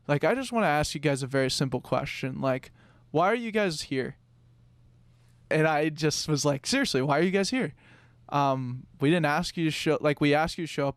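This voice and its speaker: A man's voice: a little high, smooth, dry recording, clean studio sound. A young man, a podcast co-host, telling a work story in a rambling, casual way with lots of fillers.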